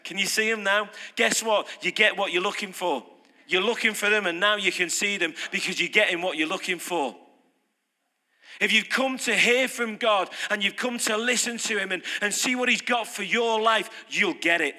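A British man preaching a sermon, lively and conversational, putting questions to his congregation. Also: sits high, moderate pace. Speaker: pastor. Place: church hall. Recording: reverberant hall.

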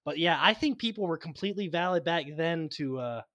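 A man's voice: on the high side, expressive, a little fast, bright, forceful tone, no room sound, clean studio sound. A man co-hosting a podcast in casual chat, rambling through stories and laughing often. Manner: giggly rambling storyteller. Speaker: podcast co-host.

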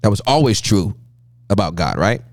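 A man speaking as a guest pastor, telling animated sermon-style stories with a preacher's cadence and frequent laughter. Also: on the low side, moderate pace, gravelly, no echo.

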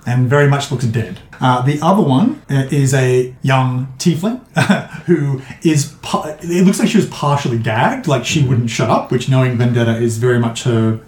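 A man's voice: mid-range voice, normal speed, few pauses, darkish tone. A man running a tabletop game as game master, describing scenes in a chatty, rambling way. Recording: roomy echo.

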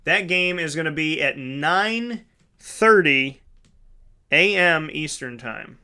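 A man's voice: on the high side, lively intonation, slow, sharp tone, clean tone. A man hosting a casual solo sports talk show, chatty and rambling, correcting himself mid-sentence and calling his listeners folks.

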